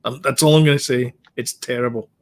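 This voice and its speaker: A man's voice: medium pitch, fairly even intonation, brisk. A man co-hosting a podcast, giving blunt opinions in casual chat with many ums and restarts. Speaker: podcast co-host.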